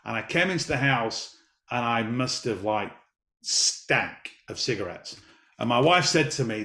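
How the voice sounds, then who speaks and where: A man's voice: mid-range voice, expressive, unhurried, bright, forceful tone. Emphatic man in his fifties, echoey room. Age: 50s. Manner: emphatic, repeats key phrases. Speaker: business guest. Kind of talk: motivational interview storytelling.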